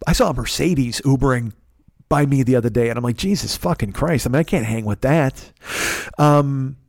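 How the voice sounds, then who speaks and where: A man's voice: mid-range voice, normal speed, darkish tone, no echo, studio quality. Profane, exasperated man telling a story. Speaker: podcast host. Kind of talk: comedic storytelling.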